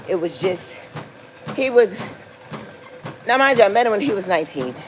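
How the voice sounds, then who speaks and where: A woman in her forties, speaking in an animated, mid-range voice at a moderate pace, tells a personal story on a casual livestream. She rambles with lots of fillers and laughs through her talk. The recording is rough, with a little hiss or hum.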